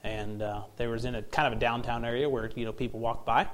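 A man's voice: medium pitch, fairly even intonation, fast. A man preaching a sermon in a folksy way, telling stories and chuckling often. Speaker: visiting preacher.

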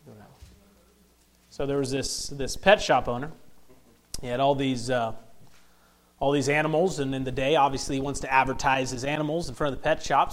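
A man preaching a sermon in a folksy way, telling stories and chuckling often. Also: medium pitch. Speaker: visiting preacher.

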